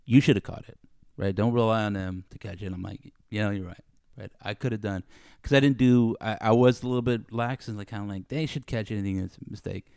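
A man's voice: on the low side, a little fast, creaky, a little mellow, clean tone, no echo, studio quality. A man in casual podcast chat, ranting and acting out both sides of an argument as he talks. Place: studio under bright lights.

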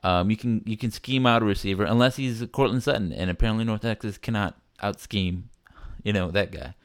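A man hosting a casual sports podcast, rambling and animated, often acting out quotes from players and fans. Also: on the low side, a little fast, dry recording, studio quality. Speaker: podcast host.

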